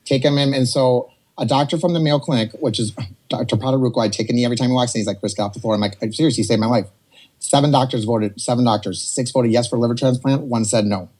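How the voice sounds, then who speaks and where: A man in his forties telling a personal story on a podcast, animated and rambling, slipping into voices to act out what others said. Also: mid-range voice, quick pace. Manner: animated, rambling, jumps between quoted voices. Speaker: podcast guest. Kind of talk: casual storytelling.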